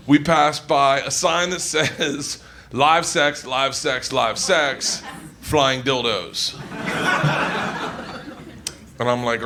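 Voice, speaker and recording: A man doing a stand-up comedy set on stage, loud and excitable, swearing freely and laughing through his lines. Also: on the high side, takes it slowly, pauses often, slight background noise. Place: comedy stage before an audience.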